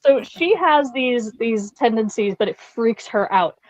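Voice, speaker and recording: A woman telling stories as a guest in a casual podcast chat, animated and full of "like". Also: on the high side, measured pace.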